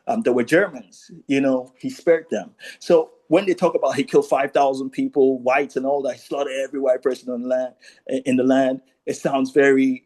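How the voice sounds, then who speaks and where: A man with a mellow, dark-toned voice at a middling pitch, lecturing on history in a loose, conversational way. He keeps checking in with his listeners with "right?" and "you know," and he pauses often as he gathers his thoughts. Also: rough recording. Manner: reads quoted speeches aloud, then comments. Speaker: speaker at a commemoration talk.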